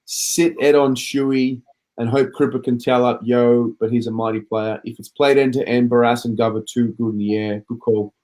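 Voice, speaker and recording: A man's voice: medium pitch, steady tone, normal speed, warm tone. A man hosting a casual footy chat show, reading out viewer comments and chatting along. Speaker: podcast host reading comments.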